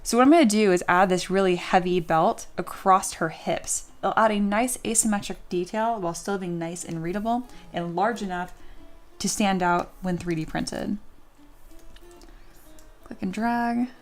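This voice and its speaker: In a live-stream tutorial on 3D sculpting, a woman with a mid-range voice talks at a moderate pace over soft background music. She's chatty and jokey, walking through her process and reading out viewer comments to respond.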